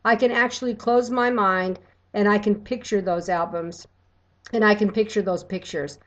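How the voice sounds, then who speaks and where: A middle-aged woman from Texas, telling a personal story on her video blog in an emotional, animated way. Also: medium pitch, normal speed. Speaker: vlogger.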